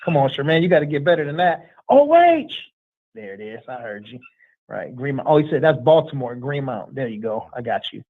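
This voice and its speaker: A man's voice: mid-range voice, fast talker. Man on a tinny phone-like line. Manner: relaxed, streetwise slang. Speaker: livestream host. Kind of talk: casual chat, reading out viewer shout-outs.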